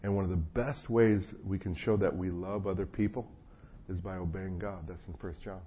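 A New Jersey pastor with a low, steady voice preaches at a moderate pace, loose and conversational, with a frog in his throat. His folksy, self-deprecating style is full of storytelling asides, and the lo-fi audio sounds muffled with a faint hum.

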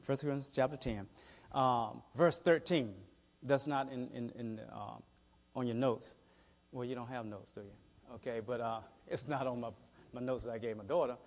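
A man's voice: mid-range voice, normal speed. A middle-aged man preaching a conversational sermon, telling stories in a folksy way and often repeating his words. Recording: reverberant hall.

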